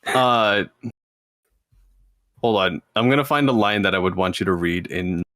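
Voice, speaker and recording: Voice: sits low, measured pace, a bit bright, no room sound. A young podcast host chatting casually and animatedly, laughing often. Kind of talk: casual chat.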